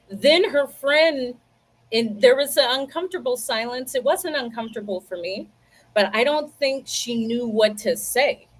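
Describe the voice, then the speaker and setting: Woman, livestream host, casual chat, animated storyteller, talks to viewers, fairly high voice, slow pace. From United States. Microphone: computer mic, livestream.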